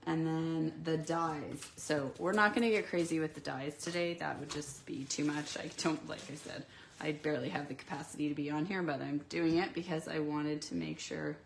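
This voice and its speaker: A woman with a low, stuffy voice, congested from being sick, talks her way through a live craft demo at her home desk. She rambles with lots of ums and little asides. A faint hiss sits under her voice. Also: gravelly. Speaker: papercraft demonstrator.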